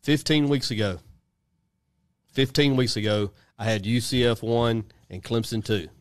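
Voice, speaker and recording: A man's voice: medium pitch, unhurried, no echo. A man co-hosting a radio show, trading dry, wry quips in casual sports chat.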